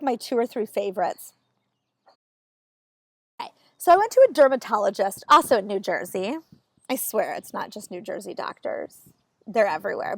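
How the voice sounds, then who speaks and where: A woman's voice: a little high, no room sound. Candid woman in her thirties, storytelling. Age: 30s. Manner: candid, exasperated, acts out quoted lines. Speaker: comedian telling stories. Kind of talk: casual storytelling to camera.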